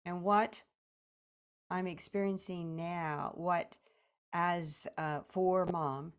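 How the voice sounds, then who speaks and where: A woman therapist leading a session, gently prompting and directing her client step by step. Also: lowish voice, steady tone, extremely slow, clear, resonant tone.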